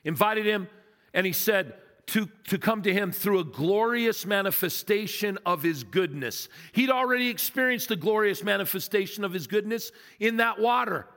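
A man's voice: high voice, expressive, normal speed, fairly bright tone. A man delivering a sermon to a congregation, in a conversational and emphatic manner with rhetorical questions. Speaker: guest preacher. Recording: long hall reverb.

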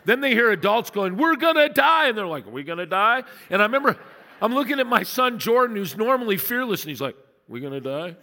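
An older man preaching as a pastor, telling a story and swinging between emphatic peaks and quiet low asides. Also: creaky. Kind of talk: sermon. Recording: long reverb of a large hall.

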